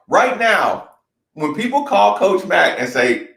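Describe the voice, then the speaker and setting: A man's voice: sits high, sing-song, slow, vocal fry, fairly bright tone, reverberant. A man speaking bluntly and emphatically in a candid talk-show conversation, repeating his points and swearing freely.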